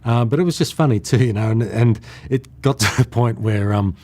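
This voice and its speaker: A man's voice: medium pitch, moderate pace, darkish tone. A middle-aged Australian man casually reminiscing about his years as an entertainer, chatty and rambling, often chuckling as he tells stories. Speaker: entertainer recalling his career.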